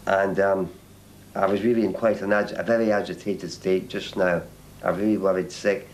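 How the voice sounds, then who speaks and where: A man recounts his experience in an archival interview, stopping and restarting his sentences often. His voice sits somewhat low, with a faint hiss beneath it. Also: level tone, rough recording. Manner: halting, repeats and restarts words.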